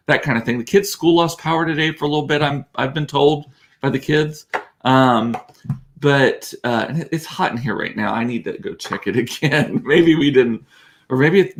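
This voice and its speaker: A man's voice: mid-range voice, a bit bright. Middle-aged man, host, rambling self-amused chat. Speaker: show host. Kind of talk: casual chat. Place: warm room with door closed.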